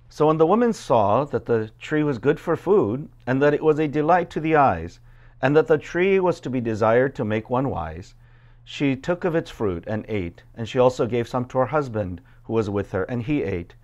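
A man's voice: medium pitch, lively intonation, moderate pace, darkish tone, dull audio. Conversational preacher man, filler-heavy. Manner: conversational, many fillers, acts out quoted voices. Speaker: pastor. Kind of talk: sermon with scripture reading.

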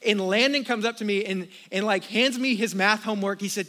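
A man in his thirties from the United States preaching a sermon, telling stories with animated, acted-out outbursts. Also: sits high, moderate pace. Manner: storytelling, animated, acts out his own outbursts. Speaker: pastor. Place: church auditorium with congregation.

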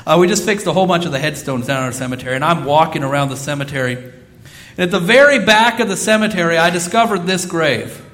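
A man's voice: fairly high pitch, animated, fast, fairly bright tone. A man in his thirties preaching a sermon, earnest and repeating phrases for emphasis. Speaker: pastor.

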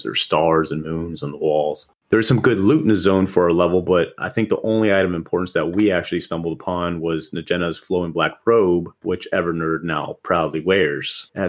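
A man co-hosting a casual gaming podcast, calmly explaining a game zone and its monsters. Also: low-pitched. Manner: relaxed, explanatory, lists things at a measured pace. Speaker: podcast co-host.

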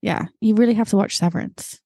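A woman's voice: medium pitch, fast, dark tone, no echo, studio quality. A woman co-hosting a podcast in casual chat, teasing and playful, laughing often. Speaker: podcast co-host and therapist in training.

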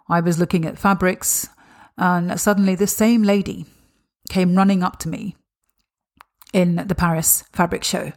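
A woman with a fairly low voice tells her personal story as a podcast host. She speaks in a reflective, earnest monologue, often circling back on her words. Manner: reflective, earnest, with frequent "you know" and repeated words.

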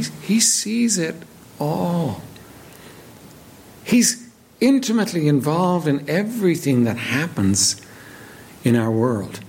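A man preaching a sermon with a gravelly, husky voice that sits fairly high for a man. His delivery swings widely in pitch as he reads scripture and then drives his points home through repetition. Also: darkish tone. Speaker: pastor. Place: church.

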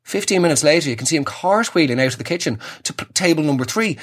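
A young man with a husky voice, giving an exasperated, sarcastic comic rant that swings from high squeals to low mutters. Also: lively intonation, fast talker, hardly any pauses, a bit bright. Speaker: comedian.

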